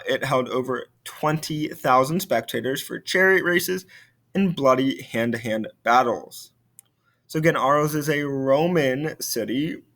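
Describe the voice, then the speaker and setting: Man teaching a French video lesson. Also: medium pitch. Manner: relaxed, many fillers and restarts.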